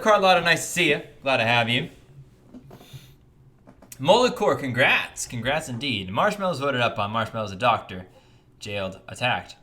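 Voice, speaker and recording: Brief: young American man hosting a gaming livestream, bright voice, lively pitch that jumps when greeting chat. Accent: General American. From United States. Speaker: livestream host. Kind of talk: casual livestream chat reading donations.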